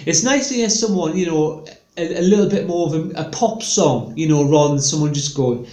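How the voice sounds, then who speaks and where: A man's voice: on the high side, fairly quick, mellow. A man telling rambling stand-up stories, chatty and meandering. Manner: chatty, meandering, full of fillers. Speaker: stand-up comedian. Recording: echoey room.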